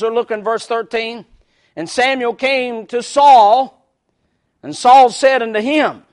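A man preaching a sermon. He reads scripture in old-fashioned biblical wording and comments on it, slowing down and getting louder on key words. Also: high-pitched. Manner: slows and swells in volume on key words.

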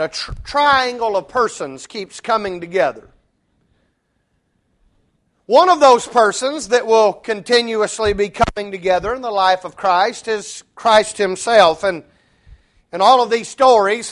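A male preacher, delivering a sermon and telling a story with rising intensity. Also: fairly bright tone. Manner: storytelling, rising in pitch and force for the punchline.

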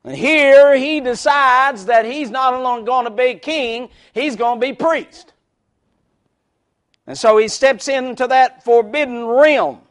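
A man preaches in a strikingly high voice and takes an unhurried, deliberate pace. He reads verses in old biblical wording and stops to comment on them. He swells louder on the words he wants to stress. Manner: slows and swells in volume on key words. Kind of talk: sermon.

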